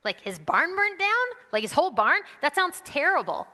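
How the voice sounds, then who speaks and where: A woman with a bright, fairly high voice leads a children's message in a church sanctuary. She coaxes and encourages the young volunteers with a steady stream of questions. Her voice rings out with the long reverb of a large hall. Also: moderate pace. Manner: encouraging, coaxing, asking children many questions. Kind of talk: interactive children's message during a church service.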